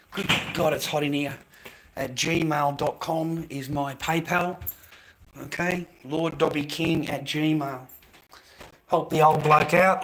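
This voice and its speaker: A man's voice: fairly high pitch, a bit bright, a little hiss or hum, poor audio. A middle-aged Australian man vlogging in a profane, rambling, blokey way and laughing often. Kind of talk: casual rambling monologue.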